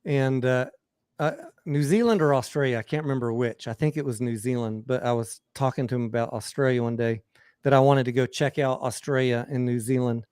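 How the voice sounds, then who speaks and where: A man co-hosting a livestream, telling relaxed stories in casual chat with filler words. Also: mid-range voice, fairly quick, clear, resonant tone, dry recording, clean studio sound. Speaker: livestream co-host.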